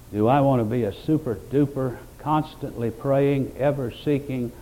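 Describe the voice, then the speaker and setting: A man preaching a sermon, rising to loud emphatic peaks and dropping to quiet reflective passages, quoting scripture in old-fashioned wording. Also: mid-range voice, slight background noise, rough recording. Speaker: pastor.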